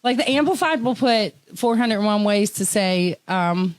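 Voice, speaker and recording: A woman from Tennessee hosting a casual interview, chatty and quick to laugh. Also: mid-range voice, expressive. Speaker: host.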